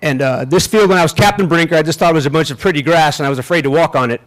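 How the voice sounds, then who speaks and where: A middle-aged man, a general, gives a ceremonial outdoor speech in a folksy, self-deprecating way, halting and restarting as he talks. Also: on the high side. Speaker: general officer speaking at a ceremony. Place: outdoors on a field.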